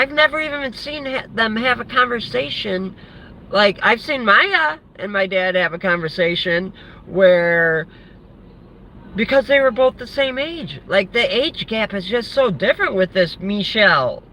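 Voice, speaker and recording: A man's voice: on the high side, vocal fry. A man telling a story in an angry, profane vlog rant, rambling and restarting often. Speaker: vlogger. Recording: lo-fi with faint background noise.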